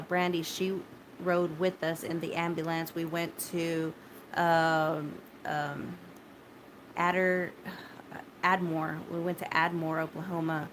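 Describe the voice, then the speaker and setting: A woman with a somewhat low voice talks straight to her viewers, shaken but steadying herself. She restarts her sentences often and swears bluntly. A faint hiss sits behind her. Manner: halting and repetitive, many restarts and fillers, blunt swearing. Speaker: vlogger recounting a personal ordeal. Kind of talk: casual spoken personal story.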